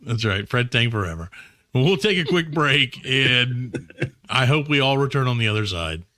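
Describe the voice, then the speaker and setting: A man's voice: mid-range voice, lively intonation, moderate pace, pushed and bright. A man co-hosting a comedy podcast in casual chat, joking and slipping into silly put-on voices. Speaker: podcast co-host.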